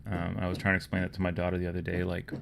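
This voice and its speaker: A man from Canada with a Toronto accent, hosting a casual livestream, rambling and low-key and often trailing off into quiet murmurs. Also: completely flat delivery, racing, creaky, slight background noise. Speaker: livestream host. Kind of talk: casual livestream chat while painting miniatures.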